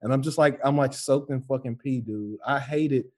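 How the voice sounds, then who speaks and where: A man's voice: medium pitch, moderate pace. A man telling crude childhood stories in casual chat, acting out the voices of people he quotes. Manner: profane, animated storyteller acting out quotes. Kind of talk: casual podcast chat, storytelling.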